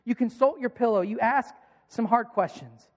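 A man's voice: extremely high pitch, moderate pace. A man in his thirties, a pastor, giving a conversational sermon with rhetorical questions. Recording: long hall reverb.

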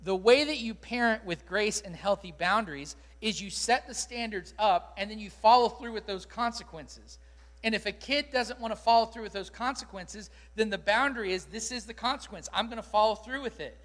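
A man's voice: sits high, moderate pace, a bit bright. A man, a pastor, answering questions from his congregation in a candid, conversational way, with frequent ums and restarts. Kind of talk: sermon Q&A to a live congregation. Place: church auditorium. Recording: long reverb of a large hall.

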